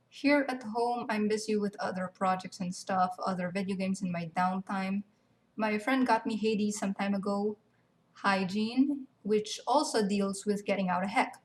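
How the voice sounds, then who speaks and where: A young woman giving a casual, sarcastic rant about video games. Her voice sits in a middle register and she swears freely. She sounds animated throughout. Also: mid-range voice. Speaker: gaming video commentator. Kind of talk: ranting game commentary.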